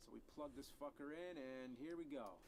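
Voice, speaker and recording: A man giving a comedic rant review of a video game, sarcastic and profane, breaking into angry yells. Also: medium pitch, moderate pace, a little hiss or hum.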